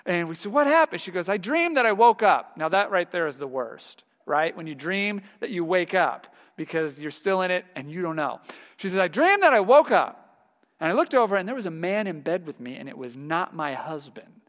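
A male pastor preaching a sermon, telling stories in a lively, animated way and laughing along with them. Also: high-pitched, moderate pace, long reverb tail. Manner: storytelling, laughs heartily while telling anecdotes.

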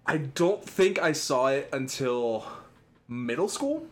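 A man in casual podcast chat, laid-back and dryly teasing. His pitch moves a lot as he tells stories, and he swears freely. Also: expressive, slow pace. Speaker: podcast co-host.

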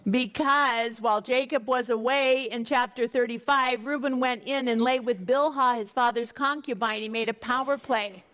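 A woman leading a Bible study, reading scripture and then explaining it. Her voice sits slightly high, and she talks conversationally, asking questions and repeating words for emphasis. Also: fairly even intonation, normal speed, few pauses, fairly bright tone.

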